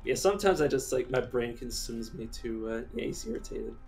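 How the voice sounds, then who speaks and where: A man's voice: medium pitch, animated, fairly quick, darkish tone, soft background music. A man giving casual, rambling commentary while streaming a game, chatty and given to casual swearing.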